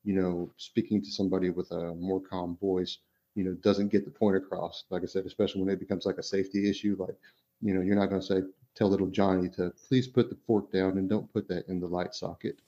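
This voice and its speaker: Deep-voiced man, rambling podcast talk. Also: little pitch movement, fairly quick, warm tone. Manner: rambling, many fillers and restarts. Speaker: podcast co-host. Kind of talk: casual podcast discussion. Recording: dull lo-fi sound.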